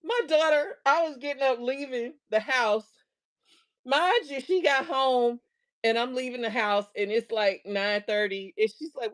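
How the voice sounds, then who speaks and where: A woman's voice: high-pitched, unhurried. A middle-aged woman hosting a show, casually telling a funny story and laughing often as she talks. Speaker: host.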